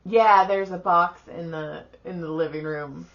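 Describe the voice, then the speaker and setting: A middle-aged woman co-hosts a casual podcast, chatting in a bright, forward voice. The recording sounds dull and lo-fi. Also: lowish voice, fairly even intonation. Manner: chatty, quick to laugh. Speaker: podcast co-host. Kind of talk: casual chat.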